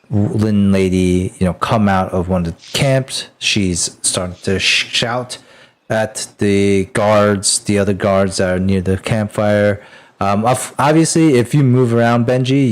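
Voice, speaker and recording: Male game master, low-ish voice, slow unhurried delivery, loose rambling narration full of ums and restarts.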